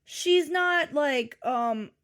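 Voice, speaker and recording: A podcast co-host recaps things in casual chat, swearing freely, animated, and laughing often. Her voice is high-pitched, with drawn-out words.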